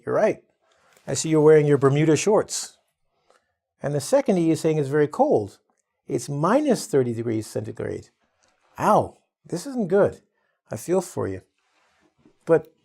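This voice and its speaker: A man teaching an English vocabulary lesson in an animated, playful, jokey way. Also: on the high side. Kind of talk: energetic vocabulary lesson to camera.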